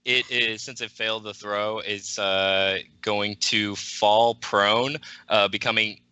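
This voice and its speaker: A man playing a tabletop game, hesitant, with many fillers. He talks slowly in a bright, smooth voice. The sound is dry and lo-fi. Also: lowish voice, fairly even intonation, dry recording. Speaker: player. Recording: dry lo-fi audio.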